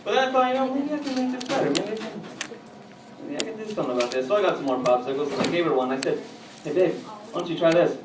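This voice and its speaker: A man doing a stand-up comedy routine on a club stage, telling edgy jokes and bantering with the crowd, at times getting loud. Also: high-pitched, animated, racing. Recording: echoey, distant, noisy live room.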